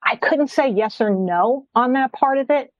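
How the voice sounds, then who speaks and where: Woman, interview guest, earnest, animated, dry close sound, slightly muffled audio. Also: high-pitched, moderate pace, dry recording. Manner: earnest, animated storytelling with quoted asides. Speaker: addiction expert guest. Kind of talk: conversational interview.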